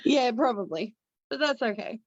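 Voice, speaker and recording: A woman's voice: fairly high pitch, animated, normal speed, no room sound. A woman with an Australian accent, an actress guesting on a podcast, easygoing and self-deprecating over a video call. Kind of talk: casual interview. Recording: dull, dry video-call audio.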